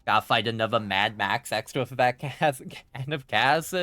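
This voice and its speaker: A streamer with a faded German accent delivers excitable, profane live commentary on his gameplay and laughs easily. His voice is medium in pitch, with no room sound in the recording.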